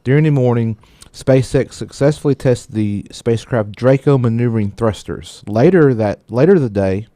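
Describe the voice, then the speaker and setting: A co-host on a casual radio tech show reads news at normal speed in a warm, mid-range voice. He often gets tongue-tied and laughs it off. There is no room sound.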